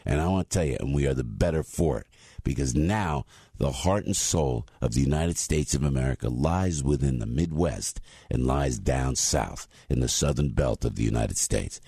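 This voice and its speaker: A man in his sixties with a New Jersey accent, telling stories in an animated monologue as a talk show host. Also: a bass voice, husky, dry recording, studio quality. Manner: animated, acts out voices. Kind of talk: storytelling monologue.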